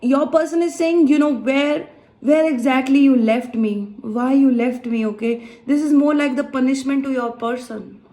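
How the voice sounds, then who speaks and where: A woman's voice: high-pitched, moderate pace, warm tone. A woman giving a tarot card reading to viewers, emotive and exclaiming as she thinks aloud. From India. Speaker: tarot reader.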